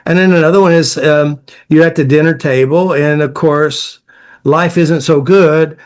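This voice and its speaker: A man's voice: a little high, fairly even intonation, unhurried, smooth. A man working as an emotional therapy coach, explaining his ideas through client stories in a direct, repetitive way. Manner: direct, repetitive, lists ideas in short bursts.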